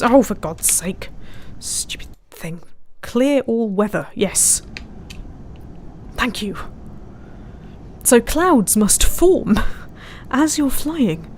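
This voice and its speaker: A slightly high-voiced woman streams a flight simulator, chatting, giggling often, and reading chat messages out loud as casual commentary. There is a little hiss or hum in the audio.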